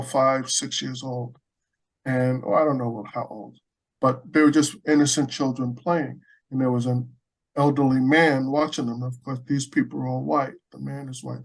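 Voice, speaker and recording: A man's voice: fairly high pitch, low-quality recording. A man from the United States, a Buddhist practitioner, telling a story in a conversational interview with earnest animation and frequent restarts.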